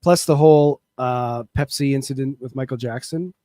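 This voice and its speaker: A man's voice: medium pitch, normal speed, dark tone, dry recording. A man co-hosting a casual podcast, bringing up news items and explaining them. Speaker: podcast co-host. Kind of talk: casual chat.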